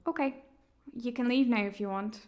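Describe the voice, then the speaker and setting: A woman voicing a lonely young woman who plans an opera, talking in a blunt, defensive way in an animated film. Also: fairly high pitch, moderate pace, a little hiss or hum, close to an everyday voice.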